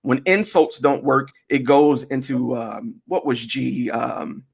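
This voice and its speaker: A man's voice: mid-range voice, fairly even intonation, takes it slowly, gravelly, breathy edge. A man hosting a casual online group discussion, talking emphatically, asking rhetorical questions and swearing.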